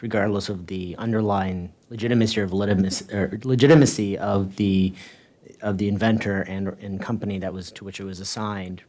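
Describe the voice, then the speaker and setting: Low-pitched male moderator, halting and rephrasing. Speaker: panel moderator. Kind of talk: moderating a panel. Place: conference panel.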